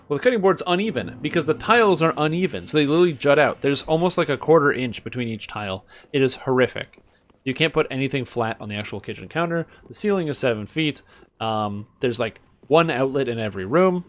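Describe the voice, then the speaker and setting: Young guy streaming games in his apartment, sarcastic sweary rants, mid-pitched voice. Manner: sarcastic, profane ranting. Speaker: game streamer. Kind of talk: casual gameplay commentary.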